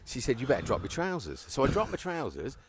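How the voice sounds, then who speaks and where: A man's voice: mid-range voice, fast talker, slight background noise. A man commentating on a live cricket stream, chatting casually and telling a story with frequent laughter. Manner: animated storyteller, laughs often.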